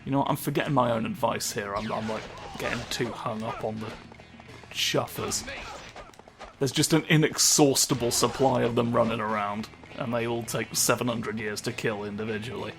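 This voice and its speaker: A man's voice: medium pitch, steady tone, normal speed. A man giving casual, rambling commentary over his gameplay, joking and swearing often. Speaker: let's play host. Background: game music.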